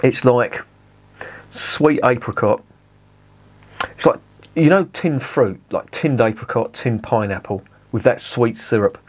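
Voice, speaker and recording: A man's voice: mid-range voice, lively intonation, takes it slowly, long pauses. A man chatting casually at home as he reviews a beer, often correcting himself. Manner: chatty, self-correcting, swears at the camera.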